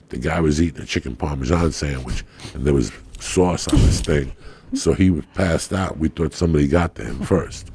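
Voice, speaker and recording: Man, podcast guest, low husky voice, profane animated storytelling. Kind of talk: casual storytelling.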